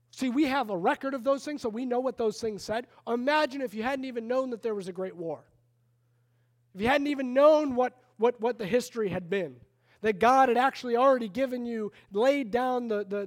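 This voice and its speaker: A man preaching a sermon in a conversational, animated way, retelling a story with frequent restarts. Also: very high-pitched, normal speed. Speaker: pastor.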